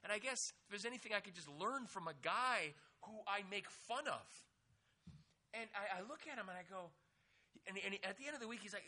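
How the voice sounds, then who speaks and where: A middle-aged man giving a humorous sermon, telling lively stories with loose fillers and restarts. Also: high voice, brisk. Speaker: pastor.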